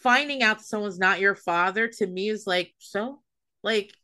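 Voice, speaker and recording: A woman's voice: medium pitch, unhurried, sharp tone. A woman co-hosting a casual chat, telling candid stories with swearing and frequent laughter. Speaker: podcast co-host. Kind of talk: casual chat recapping a TV show.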